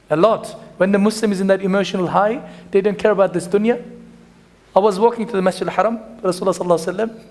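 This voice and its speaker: A man teaching a religious lesson, telling stories and closing with a supplication in Arabic phrases. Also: sits high. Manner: storytelling with Arabic phrases and dua. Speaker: imam.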